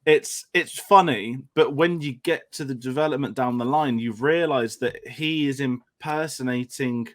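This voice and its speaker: A man's voice: medium pitch, moderate pace, few pauses, fairly bright tone. Rambling English man chatting about film. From England. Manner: rambling, with frequent restarts and fillers. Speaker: film discussion host. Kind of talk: casual film chat.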